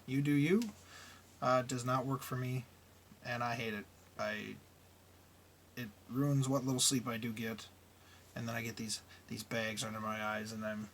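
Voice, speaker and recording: A man's voice: medium pitch, a bit bright, a little hiss or hum. A middle-aged man who drives trucks, talking casually and bluntly in a vlog and grumbling about his frustrations.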